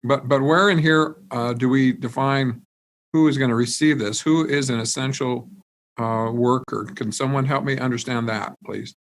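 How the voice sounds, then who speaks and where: A man, a state senator, speaking remotely in a floor debate, measured and hesitant with many fillers and restarts. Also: mid-range voice, fairly even intonation. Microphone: remote video call.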